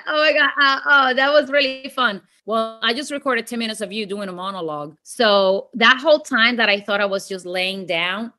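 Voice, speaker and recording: Bright, high-voiced woman telling a wild story. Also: normal speed, hardly any pauses. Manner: animated, laughs often, says "like" a lot. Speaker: guest storyteller. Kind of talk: casual comedic storytelling.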